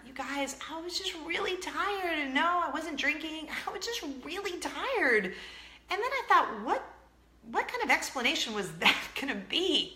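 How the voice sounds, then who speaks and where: A woman's voice: sits high, animated, moderate pace, echoey room, background noise. A woman in her thirties hosting a casual vlog, chatty and self-mocking, laughing often and acting out what people said. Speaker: vlog host. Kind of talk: casual chat to camera.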